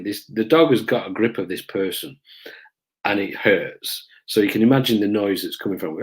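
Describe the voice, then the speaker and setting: A middle-aged man tells old police stories straight to the camera. His voice sits a little low and unhurried, broken by hesitant ums as he searches for the next detail. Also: a little mellow. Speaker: police officer recounting his career. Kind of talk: casual storytelling to camera.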